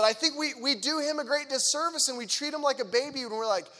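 A man in his thirties giving an energetic, chatty faith talk to teenagers, acting out the voices in the dialogue he quotes. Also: very high-pitched, a little fast, few pauses. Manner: chatty and conversational, with frequent fillers. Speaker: youth speaker.

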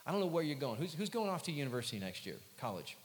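A man's voice: on the high side, sing-song, very fast. A middle-aged man giving a casual, joking faith talk to young people. He acts out little quoted lines as he goes. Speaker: youth speaker. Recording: long hall reverb, faint hiss.

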